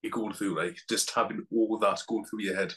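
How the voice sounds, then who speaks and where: Woman, really deep low voice, chill short replies. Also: steady tone, normal speed, a bit bright. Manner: laid-back, brief replies, laughs along. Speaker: podcast co-host. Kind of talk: casual chat.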